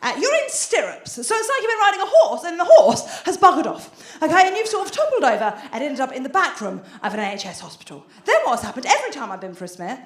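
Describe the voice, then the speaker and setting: A woman's voice: high-pitched, very animated, quick pace, few pauses, roomy sound. A British woman performing a stand-up comedy routine on a theatre stage, chatty and conspiratorial with the crowd. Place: theatre stage before an audience.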